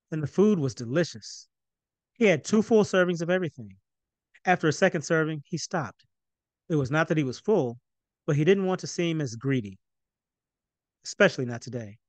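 Male author narrating his novel, fairly high voice, dry close sound. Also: no room sound. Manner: even, storytelling narration. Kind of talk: reading his novel aloud.

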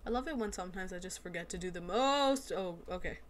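Excitable woman narrating her gameplay. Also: fairly low pitch, quick pace, a little hiss or hum. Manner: excitable, exclaims and laughs at the action. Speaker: video game player. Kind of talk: casual let's-play commentary.

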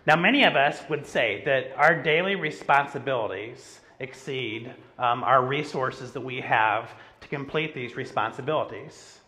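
A man's voice: mid-range voice, normal speed, hardly any pauses, pushed and bright. A middle-aged man, a pastor, preaching a sermon in a casual, storytelling way, with self-deprecating humor and lots of filler words. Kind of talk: sermon with personal stories. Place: church sanctuary.

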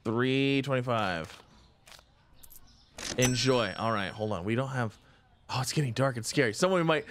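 A man hosting a casual let's-play, chatty and excitable, thinking aloud with frequent exclamations. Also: medium pitch, moderate pace, long pauses, slight background noise. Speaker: gaming channel host.

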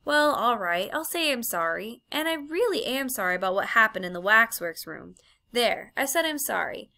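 Storybook schoolboy, earnest and pleading, bright and a bit gravelly; woman narrator doing the voice. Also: animated, normal speed. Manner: earnest and pleading, rising to higher outbursts. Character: anxious, pleading young British schoolboy.

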